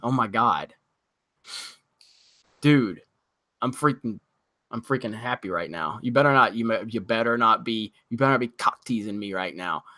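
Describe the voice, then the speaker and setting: A man hosting a casual livestream, reading chat and ranting excitably, swearing freely as he talks. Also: on the low side, moderate pace, pauses often, dry recording.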